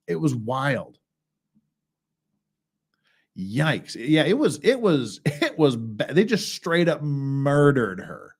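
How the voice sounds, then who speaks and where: Slow and animated, in a slightly high voice, a legal commentary host from the United States reads documents aloud during his casual livestream about legal cases. He wanders between them with blunt, wry remarks.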